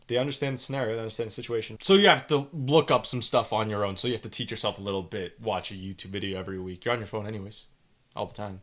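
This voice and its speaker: A young man with a Canadian accent, hosting a podcast and reading student reviews aloud with blunt, animated commentary. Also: lowish voice, quick pace. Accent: Canadian English. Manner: blunt, animated, lectures with emphasis. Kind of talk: opinionated solo commentary.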